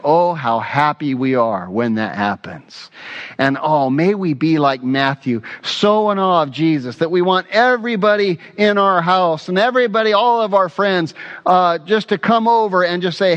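A man's voice: high voice, moderate pace, a bit bright, dull audio. A man preaching a sermon as pastor, earnest and emphatic, repeating his key phrases.

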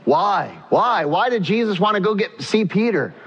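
A preacher man with a slightly raised pitch delivers his sermon with animated energy. He acts out voices and swings between pressing questions and hushed, tender moments. The recording sounds dull and lo-fi. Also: moderate pace, breathy edge. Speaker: pastor.

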